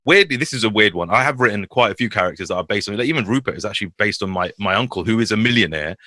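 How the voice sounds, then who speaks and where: Animated man, lively pitch. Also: very fast, no room sound, clean studio sound. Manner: animated, slips into character voices. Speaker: comedy actor and writer guest. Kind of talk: casual podcast chat.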